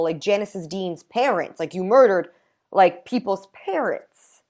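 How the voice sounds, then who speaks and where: A young woman with a New York accent, chatting on a podcast in an animated, indignant way, full of "like" fillers. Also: medium pitch, a little slow. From New York City. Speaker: podcast guest. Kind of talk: casual chat.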